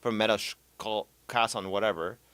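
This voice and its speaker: A man hosting a casual gaming chat, animated, who laughs often and trails off into repeated words. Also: fairly low pitch, brisk, no room sound. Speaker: podcast host.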